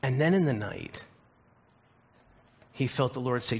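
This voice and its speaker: A man preaching in an earnest, storytelling way, leaning into key phrases by slowing down. His voice sits at a middle pitch with a husky edge. The recording sounds a little dull and lo-fi. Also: a little mellow. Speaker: pastor. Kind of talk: sermon.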